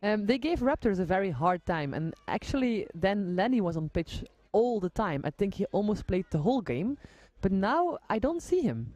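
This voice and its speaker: A woman's voice: mid-range voice, sing-song, normal speed, few pauses, darkish tone, no echo. Giggly woman commentating a live match. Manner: giggly, friendly, self-correcting. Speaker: sports commentator and player.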